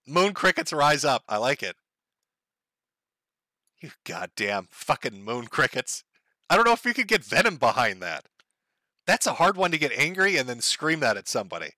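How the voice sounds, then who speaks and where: A man's voice: a little high, sing-song, fairly quick, bright, forceful tone, no echo. A man hosting a casual livestream, reading chat aloud and joking crudely, often breaking into laughter.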